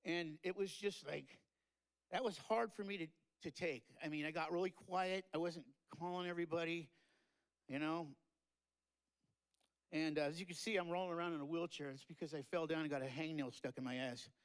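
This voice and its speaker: A man's voice: a little high, steady tone, normal speed, clean tone, low-quality recording. A man giving a rambling, tearful and joking tribute speech at a memorial event. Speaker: eulogy speaker. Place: live-streamed memorial event.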